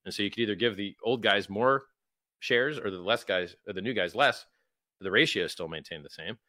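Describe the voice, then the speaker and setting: A man with a somewhat low, bright and forceful voice talks emphatically, slipping into mocking voices for quoted exchanges. The sound is dry and close to the mic. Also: brisk, no echo. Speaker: guest, crypto founder. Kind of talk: animated interview talk.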